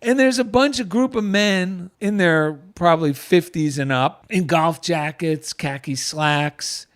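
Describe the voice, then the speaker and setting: A middle-aged man with an East Coast American accent tells a personal story in an animated, heartfelt way. His voice sits a little high for a man. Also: unhurried. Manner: animated, gets choked up with emotion. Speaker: guest, author and veteran. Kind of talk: storytelling in conversation.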